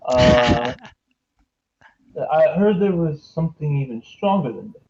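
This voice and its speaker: A man's voice: fairly high pitch, expressive, measured pace, a little mellow. Man, tabletop player, in character, polite, playful, muffled lo-fi sound. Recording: dull lo-fi mic.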